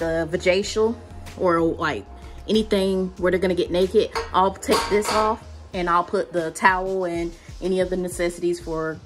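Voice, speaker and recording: A young adult woman giving a casual tour of her spa treatment room, listing items in a chatty way with lots of "like" and "um". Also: on the low side. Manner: chatty, filler-heavy listing with many "like" and "um". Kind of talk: casual walkthrough vlog.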